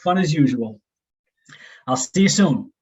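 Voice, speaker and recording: A man's voice: a little high, expressive, a little slow, a crowd in the background. Middle-aged man with dry one-liners. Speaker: podcast co-host. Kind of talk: casual chat over a video call. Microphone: laptop mic on a video call. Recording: dull lo-fi call audio with faint noise.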